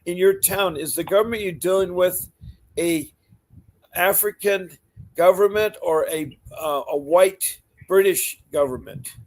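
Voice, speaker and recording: A man's voice: high-pitched, measured pace. A man hosting a call-in advice show, asking folksy questions and steering the conversation. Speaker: talk show host.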